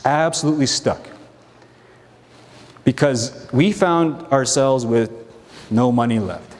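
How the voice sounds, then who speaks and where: A man's voice: medium pitch, a little mellow. A man giving a motivational keynote on stage, telling his story with energy, acting out both sides of conversations and asking the audience direct questions. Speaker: keynote speaker. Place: large conference hall stage. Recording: long hall reverb.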